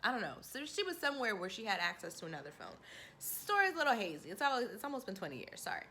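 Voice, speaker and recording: Bright-voiced woman in her forties telling a story. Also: medium pitch, racing, slight background noise. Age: 40s. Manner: candid, laughing, animated quoting. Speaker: vlogger. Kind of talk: casual storytelling to camera.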